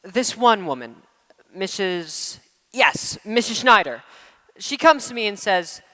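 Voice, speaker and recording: A man's voice: high-pitched, very animated, slow, pushed and bright, exaggerated voice. A teenage boy in a school play as a tired traveling father, reading a letter home in a wry storytelling tone. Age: teens. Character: weary traveling father writing home to his sons. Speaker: student actor. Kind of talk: stage monologue reading a letter. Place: school auditorium stage. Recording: echoey hall from a room mic.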